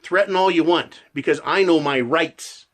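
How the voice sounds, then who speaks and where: Forceful, profane ranting man. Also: on the high side, moderate pace. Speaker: channel host. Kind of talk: ranting monologue.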